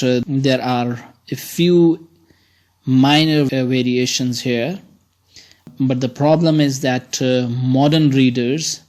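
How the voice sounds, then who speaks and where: A man teaching students, explaining a poem in a slow, halting way with frequent pauses. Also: medium pitch, a little mellow.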